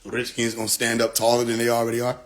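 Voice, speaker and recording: A man hosting a casual livestream, joking and laughing often, swearing freely, and swinging between loud outbursts and quiet mutters into his phone. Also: medium pitch, completely flat delivery, fast talker. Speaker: livestream host.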